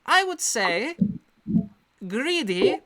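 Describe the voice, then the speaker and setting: A woman's voice: high voice, very animated, a bit bright, voice pushed up, exaggerated voice. A woman voicing a composed, secretive female patron who speaks formally with a put-on accent. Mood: guarded. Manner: formal, measured, polite speech in a put-on accent. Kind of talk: in-character tabletop narration.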